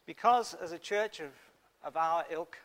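A man preaching a sermon in an earnest manner, dropping to a hush and then rising to emphatic points. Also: fairly high pitch, a little slow. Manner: earnest, swings from hushed to emphatic.

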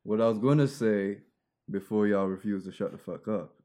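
A man's voice: fairly low pitch, moderate pace, mellow. A young man co-hosting a podcast in casual chat, rambling with restarts and frequent laughter. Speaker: podcast co-host.

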